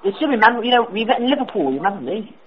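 British guy on a crackly phone call, talks fast, rambles with lots of um and you know. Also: sits high, very animated. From Britain. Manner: rambling, full of fillers and restarts. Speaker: caller. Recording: tinny phone line.

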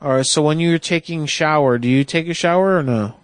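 A man hosting a prank call show, asking crude questions in a deadpan, mock-confused way. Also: a little high, fairly quick, clear, resonant tone, no room sound. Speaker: host.

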